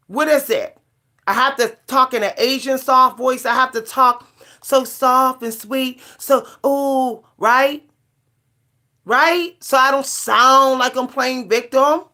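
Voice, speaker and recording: A woman's voice: sits high, sharp tone. A middle-aged woman vlogging a casual rant to camera, emphatic and repetitive, hammering her points with short punchy refrains.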